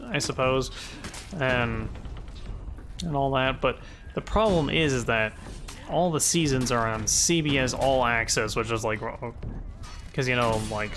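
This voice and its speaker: A man's voice: medium pitch, measured pace, pauses often, a bit bright, faint music behind. A man giving casual gameplay commentary as a video creator, rambling with lots of fillers and chuckling at himself. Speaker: gaming YouTuber.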